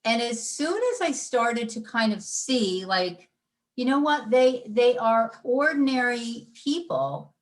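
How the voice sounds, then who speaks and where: A middle-aged woman, a life coach guest on a podcast, telling personal stories in a lively conversational way and acting out her inner voices. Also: on the high side, takes it slowly. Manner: animated storyteller, acts out inner voices. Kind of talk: conversational interview.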